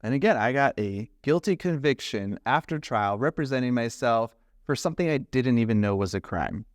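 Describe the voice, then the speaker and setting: Smooth, animated man telling his story. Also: medium pitch, normal speed, dry recording, clean studio sound. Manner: animated, acts out the other people in his story. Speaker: criminal defense lawyer. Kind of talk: conversational storytelling.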